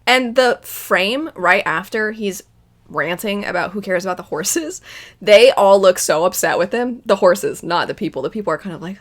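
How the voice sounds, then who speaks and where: A woman's voice: medium pitch, normal speed. Young woman, casual anime reaction host, emotional and rambling, mid-range voice. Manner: emotional, rambling, quotes scenes in little voices.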